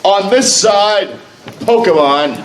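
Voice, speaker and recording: A man hosting a live convention panel, calling out bids with brisk, teasing auctioneer patter. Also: high-pitched, lively intonation. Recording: echoey hall with crowd noise.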